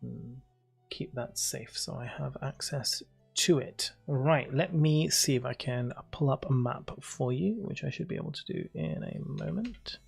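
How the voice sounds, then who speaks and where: A British man running a tabletop game at a medium pitch, reading scene descriptions steadily before slipping into loose, chatty asides. Faint music plays quietly behind him. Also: measured pace, vocal fry, husky. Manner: chatty and easygoing, reads descriptions steadily then chats loosely. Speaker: game master.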